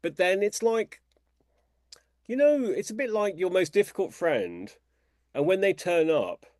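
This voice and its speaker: A British man, an author guest in an interview, who tells lively anecdotes and talks in a chatty, conversational way. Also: unhurried, dry recording, clean studio sound. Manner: animated storyteller, imitates people in a high voice.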